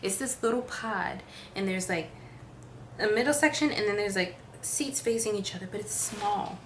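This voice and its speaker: A woman vlogger telling a casual storytime, chatty with lots of fillers, acting out quotes with big jumps in pitch. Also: moderate pace, slight background noise.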